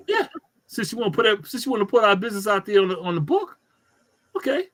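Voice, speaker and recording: A man with a high, bright voice co-hosts a casual talk show. His pitch swings widely as he tells animated stories and acts out his own reactions, mimicking what he says to people. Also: moderate pace. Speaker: co-host. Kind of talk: casual chat.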